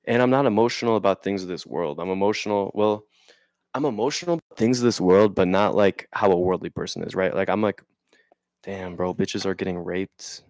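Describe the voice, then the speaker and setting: A man's voice: fairly low pitch, quick pace, darkish tone, no echo. A young man in casual talk, reading passages aloud and riffing on them in a rambling, slangy way, often asking "right?". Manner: reads passages aloud then riffs on them. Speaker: vlogger. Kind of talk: casual explanatory monologue.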